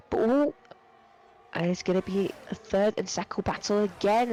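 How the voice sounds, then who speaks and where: A man's voice: high voice, a little mellow, a little hiss or hum, rough recording. A young man giving live sim racing commentary, rambling with lots of fillers and self-corrections. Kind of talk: live esports race commentary.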